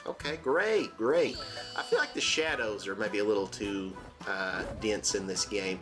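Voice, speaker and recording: A man hosting a let's-play, talking in a rambling, jokey way with many fillers and sudden squeaky exclamations. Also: expressive, measured pace. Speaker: gaming channel host. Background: game music.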